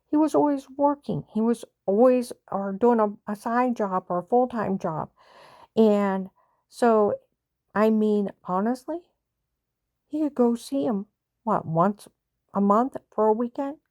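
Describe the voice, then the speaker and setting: A woman's voice: fairly high pitch, a little slow, a little mellow, no room sound, clean studio sound. An older woman tells a family story in a plain-spoken, repetitive way, sighing now and then. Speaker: mother telling a family story. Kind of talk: personal storytelling.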